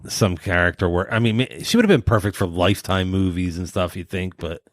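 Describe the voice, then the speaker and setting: A man's voice: low voice, animated, fairly quick, no echo, studio quality. A man co-hosting a podcast in casual chat, talking in a rambling, hesitant way. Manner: rambling, hesitant, many restarts. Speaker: podcast co-host.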